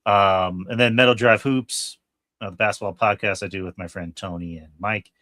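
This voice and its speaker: Male podcast host, lowish voice, dry close mic, loose and rambling. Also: steady tone, normal speed, bright, forceful tone, no echo. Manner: rambling, many fillers and restarts. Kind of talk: casual podcast chat.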